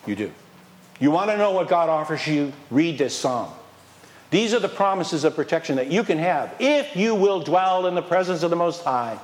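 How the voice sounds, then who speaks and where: A man delivers a sermon as pastor in a voice sitting a little high for a man. He talks to the room with constant questions and lively shifts in loudness. Between points he sometimes mocks excuses in a whiny tone. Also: moderate pace. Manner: animated, questions the congregation, swings from loud to quiet.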